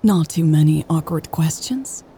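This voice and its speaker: A woman's voice: low-pitched, lively intonation, unhurried, warm tone, a little hiss or hum. A woman reading an audiobook and voicing Louise, a wry, affectionate adult woman. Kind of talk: audiobook character voice.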